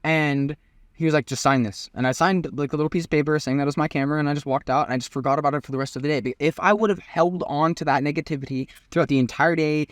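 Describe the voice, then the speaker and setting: A man's voice: fairly high pitch, fairly even intonation, rapid-fire, no room sound. A young man hosting a casual chat, giving rambling, hyped motivational talk with plenty of swearing. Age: young adult. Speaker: host.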